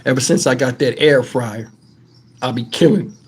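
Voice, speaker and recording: A man's voice: medium pitch, moderate pace. A man hosting a live stream, telling casual profane stories and laughing along. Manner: animated, profane, laughs through his stories.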